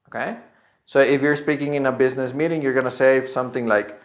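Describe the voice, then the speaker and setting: Male teacher, mid-pitched, drills words slowly and repeats them, keeps asking "okay?". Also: fairly even intonation. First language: Spanish. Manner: slow, drawn-out model words repeated twice with a checking "okay?". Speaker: English pronunciation teacher. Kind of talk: online pronunciation lesson.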